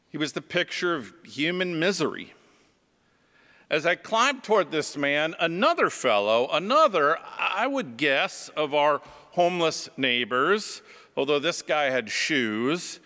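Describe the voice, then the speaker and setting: Slow, bright-voiced preacher in a reverberant church. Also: male voice, a little high. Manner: slow, reflective storytelling. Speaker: pastor. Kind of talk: sermon.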